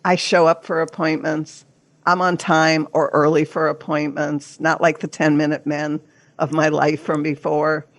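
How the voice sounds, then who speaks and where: An older woman who works as a therapist and coach is a guest on a podcast interview, speaking in an earnest, emphatic coaching tone. Her deep voice is a little slow with little pitch movement, recorded dry, and she sometimes acts out inner voices as if quoting them.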